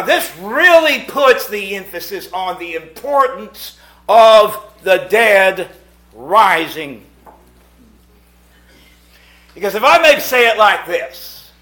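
Animated preacher, lively high voice. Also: male voice. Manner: animated preacher, swings from hushed to shouting. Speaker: pastor. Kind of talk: sermon. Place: church meeting house.

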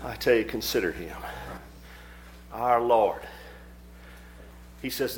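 A male preacher delivering a sermon in a mid-pitched voice, reading scripture in old-fashioned phrasing. He swings from calm commentary to fervent, loud surges, with quick casual asides in between. A faint hum sits in the background.

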